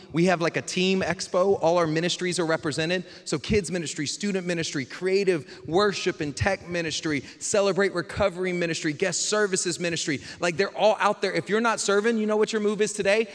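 A man preaching a sermon, his fairly high voice carrying through a long-reverb church hall. He talks in a loose, conversational way and keeps turning rhetorical questions to the congregation. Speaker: pastor. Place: church sanctuary.

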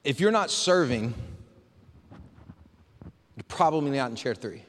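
A man's voice: mid-range voice, animated, unhurried, fairly bright tone. A male pastor giving a sermon in a casual, conversational preaching style, often asking the congregation rhetorical questions. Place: church sanctuary. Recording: hall reverb from a live church service.

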